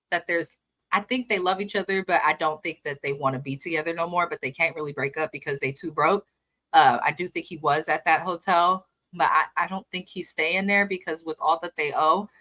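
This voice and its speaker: A woman's voice: lowish voice, sharp tone. Sassy woman dishing gossip. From California. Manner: sassy, dramatic mock prayer, emphatic. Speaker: co-host. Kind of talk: casual reality TV gossip chat.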